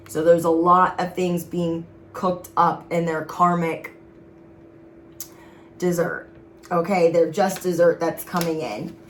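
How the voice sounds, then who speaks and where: A woman's voice: lowish voice, slight background noise. A woman giving a casual tarot reading, speaking straight to her viewers in an emphatic, sassy way. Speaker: tarot reader.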